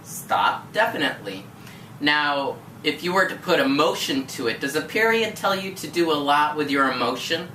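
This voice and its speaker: Brief: low-pitched, bright-voiced woman teacher, patient and encouraging, recorded from across an echoey room. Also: expressive, moderate pace. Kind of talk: one-on-one tutoring lesson. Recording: echoey room from far off, faint noise.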